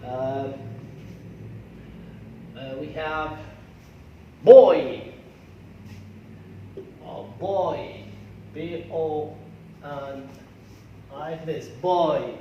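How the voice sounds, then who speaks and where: An English teacher with an Algerian accent, a man whose first language is Arabic, giving a classroom pronunciation lesson and slowly repeating words aloud to drill them. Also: a little high, muffled recording, slight background noise. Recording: echoey classroom from far off.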